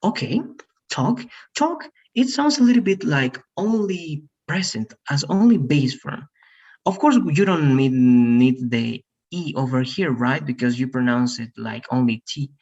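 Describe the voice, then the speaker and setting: Male tutor, patient corrective coaching, animated delivery, lo-fi online lesson audio. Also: mid-range voice. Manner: encouraging, corrective, repeats words slowly. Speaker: English pronunciation teacher. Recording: dull lo-fi online call audio.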